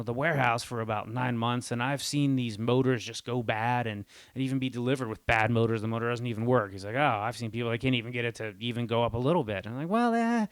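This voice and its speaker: Male host, mid pitch, comic rant delivery, jumps into voices for the people in his story, dry close sound. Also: smooth, dry recording. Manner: animated, exasperated, acts out quoted people in raised voices. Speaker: show host. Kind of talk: comedic storytelling monologue.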